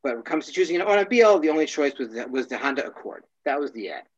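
A man teaching a casual class, wry and joking, often clearing his throat. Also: fairly high pitch, very animated, very fast, dull audio, slight background noise.

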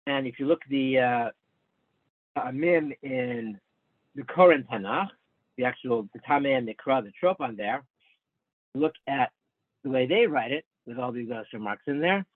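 A man's voice: medium pitch, animated, moderate pace, pauses often, dry recording. A man leading an online study class, patiently explaining texts to his students by name, stopping and restarting his sentences as he thinks. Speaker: class teacher. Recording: narrow phone-like sound, dry.

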